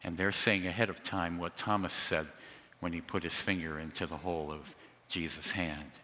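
A man preaching a sermon through a sound system, telling the story dramatically with lively asides. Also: low voice, moderate pace, big-room sound, slight background noise. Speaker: pastor. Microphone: amplified through a sound system.

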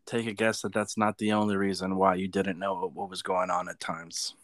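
A man's voice: deep voice, flat delivery, brisk, fairly bright tone, dry recording. A man co-hosting a casual film review podcast, making dry teasing remarks. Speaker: podcast co-host.

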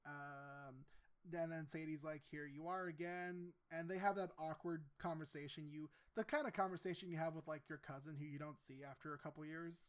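A man co-hosting a podcast in a casual chat about a book, rambling with stammers and restarts and acting out scenes in quick voices. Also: a little high. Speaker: podcast co-host.

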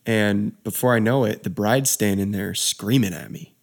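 A man's voice: fairly low pitch, normal speed, vocal fry. A young man, a wedding DJ, telling a story in casual chat, laid-back and saying dude a lot.

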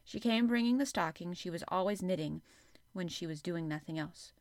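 A woman hosting a podcast, reading a classic novel aloud in measured storytelling narration. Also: lowish voice, no room sound, clean studio sound. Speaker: podcast host and reader.

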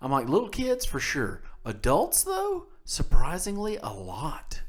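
A man's voice: high-pitched, wildly swooping pitch, a little slow. A man co-hosting a podcast, telling a funny story from his past in a casual chat and laughing often as he goes. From South Mississippi. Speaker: podcast co-host.

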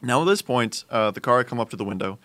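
Young man, bright edgy tone, animated storyteller in casual chat. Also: mid-range voice, fast talker. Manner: animated, builds up to loud exclamations.

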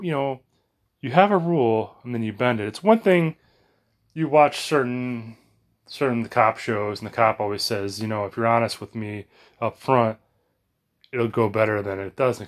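An American man rambling in a casual monologue at home, sweaty from exercise, full of fillers and restarts. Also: lowish voice. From United States. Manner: chatty, meandering, frequent fillers and restarts. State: sweaty and warmed up after exercise. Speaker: vlogger. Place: home bedroom.

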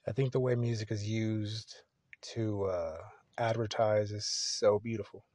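A man's voice: fairly low pitch, fairly even intonation, unhurried, darkish tone, no room sound, clean studio sound. A young man hosting a solo podcast, talking casually in a rambling, profane, laid-back way. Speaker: podcast host.

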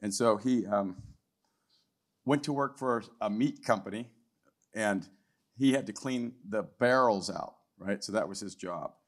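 A man's voice: fairly low pitch, measured pace. Older man telling a church story. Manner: conversational, tags lines with "right?", clears throat often. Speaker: guest speaker. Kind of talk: storytelling testimony talk. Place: church hall, live event.

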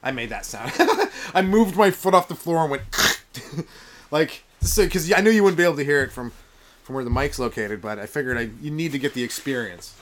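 Lively man riffing on a comedy podcast. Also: on the high side, fairly quick. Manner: joking, riffing, chuckles at own jokes. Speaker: stand-up comedian hosting a podcast. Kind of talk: rambling comic monologue. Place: very cold room kept warm with a wood fire.

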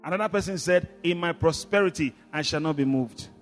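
A man preaching a sermon, leading the congregation in call and response, swinging between shouts and low murmurs. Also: brisk, in a large hall, faint music behind. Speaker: pastor.

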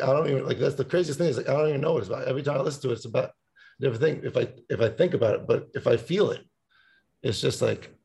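Casting: gravelly-voiced male musician, rambly and profane, podcast guest. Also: medium pitch, a little mellow. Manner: rambling, swears a lot, sings snippets. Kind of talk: casual podcast chat.

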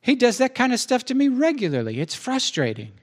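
Male pastor, animated sermon delivery, voices both sides of his talks with God. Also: very high voice, fairly quick.

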